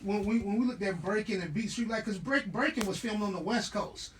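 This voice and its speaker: A man from the Southern US telling lively stories in a casual group interview, often laughing as he goes. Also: high voice, a little fast, far from the mic, a little hiss or hum. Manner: animated, laughing storyteller. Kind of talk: casual storytelling.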